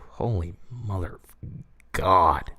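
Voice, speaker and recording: Low-voiced man swearing through reaction commentary. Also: extremely slow, bright, forceful tone, slightly rough. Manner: crude, sarcastic, swears constantly. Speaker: commentary host.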